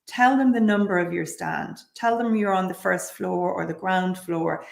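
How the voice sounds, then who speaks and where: A woman's voice: fairly low pitch, steady tone, normal speed, creaky, roomy sound. A woman giving direct, practical advice on selling at craft fairs, with frequent ums. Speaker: craft business speaker.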